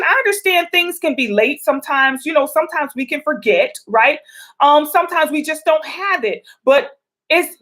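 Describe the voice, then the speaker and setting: A woman's voice: fairly high pitch, a bit bright. A woman hosting a casual advice vlog, talking chattily to viewers with colloquial asides as she answers their questions. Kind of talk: casual relationship advice talk.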